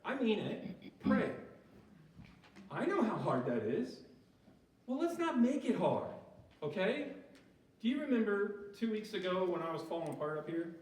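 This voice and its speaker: A man with a high, animated voice delivers a casual sermon, pitch jumping around as he keeps checking in with the room. He is heard from some distance in a very echoey church hall. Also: a little slow, long pauses. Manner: conversational, often checking in with the audience. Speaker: speaker at a church recovery group. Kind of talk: informal sermon talk.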